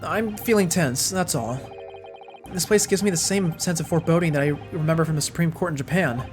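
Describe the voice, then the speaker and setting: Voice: medium pitch, brisk, a little mellow, soft background music, natural voice. Streamer voicing a tense young male lawyer, apologetic and hesitant.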